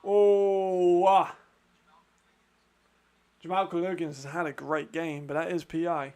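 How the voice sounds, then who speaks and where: A man hosting a football watch-along, commenting live with excitement, frequent swearing and laughter. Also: fairly high pitch, slow, clean tone.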